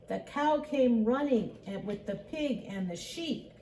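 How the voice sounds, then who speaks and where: An older woman, a grandmother, reading a picture book aloud in a slow, sing-song way and voicing the animal sounds. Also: medium pitch, lively intonation, warm tone.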